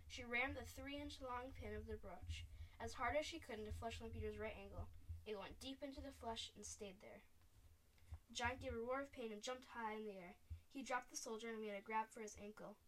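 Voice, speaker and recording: A woman's voice: fairly high pitch, far from the mic, rough recording. Woman reading a storybook expressively. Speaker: narrator. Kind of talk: audiobook reading aloud.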